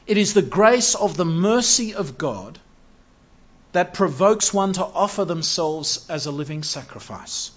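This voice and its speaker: A man preaching a sermon, earnest and measured, building to emphatic rises. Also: on the high side, big pitch swings, slightly rough. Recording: dull lo-fi sound.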